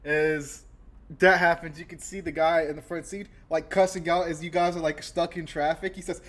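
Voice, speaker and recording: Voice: mid-range voice, fairly even intonation, normal speed. A game master narrating a tabletop game, loose and playful, often breaking into laughter.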